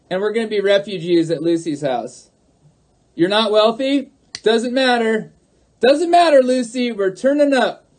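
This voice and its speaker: A man's voice: high voice, a little mellow. A man on a livestream who talks to his chat, arguing in a mocking, sarcastic way and repeating his points. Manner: argumentative, repeats himself. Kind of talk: livestream talk answering chat.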